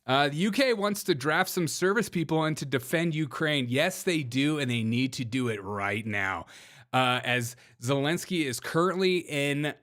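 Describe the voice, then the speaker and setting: A man's voice: fairly high pitch, expressive, moderate pace, a bit bright. A man hosting a livestream of comedic political commentary, brash and sarcastic, laughing often and talking to his chat. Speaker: livestream host.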